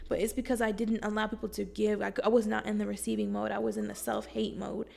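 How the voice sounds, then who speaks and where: A young woman vlogging from home, giving casual self-help talk to camera in a blunt, slangy, profane and animated way. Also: medium pitch, quick pace, creaky.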